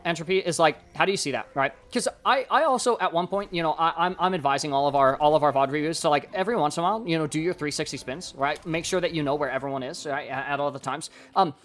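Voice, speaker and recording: A man giving casual live-stream coaching commentary on gameplay, excitable and rambling as he thinks aloud. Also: a little high. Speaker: game coach reviewing gameplay.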